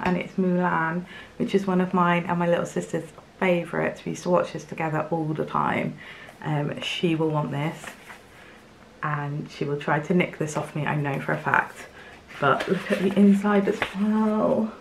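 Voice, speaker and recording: A young woman from England talks to camera in her home craft studio, gushing and excitable as she opens parcels. She speaks at an unhurried, slow pace, breaking into little laughs. A faint background hiss sits under her voice. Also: mid-range voice. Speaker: craft vlogger. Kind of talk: casual unboxing chat to camera.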